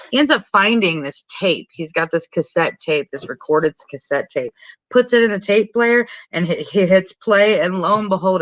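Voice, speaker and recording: A woman's voice: lowish voice, fairly bright tone, dry recording, highs cut off. A woman co-hosting a podcast, retelling a movie in a rambling, profane, casual way with frequent laughs. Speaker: podcast co-host. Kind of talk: casual movie recap chat.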